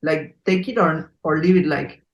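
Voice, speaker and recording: A woman's voice: deep voice, moderate pace, echoey room, muffled recording. A woman with a Mexico City Spanish accent hosting a podcast interview, talking in English in an earnest, effusive way with many fillers. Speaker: podcast host. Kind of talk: conversational interview.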